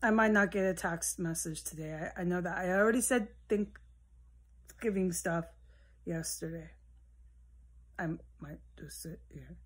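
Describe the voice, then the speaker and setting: A woman rambling alone at home in a solo monologue, swearing often and drifting between low mutters and heated outbursts. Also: measured pace, pauses often, breathy edge. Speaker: vlogger. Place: at home, indoors with a window open.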